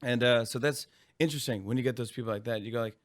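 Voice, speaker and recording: A man in his forties, a comedian guest in an interview, telling animated stories, acting out voices and laughing often. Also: medium pitch, quick pace. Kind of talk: casual interview chat.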